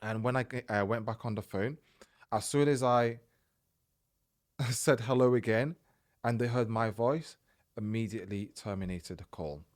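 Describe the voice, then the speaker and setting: A man hosting a podcast, telling a personal story in a casual, animated way and acting out the dialogue. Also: medium pitch, normal speed, pauses often. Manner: animated, retells events by acting out quoted dialogue. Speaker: podcast host.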